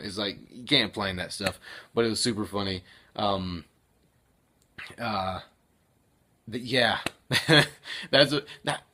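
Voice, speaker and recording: A man's voice: fairly low pitch, sharp tone. A young man chatting casually in his daily vlog, rambling with lots of fillers and chuckles. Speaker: vlogger and actor.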